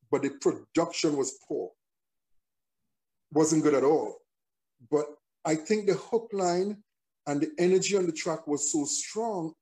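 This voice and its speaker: In a laid-back interview, a man who writes songs and performs recounts a story in a slightly high voice, frequently starting his sentences over as he gathers his thoughts.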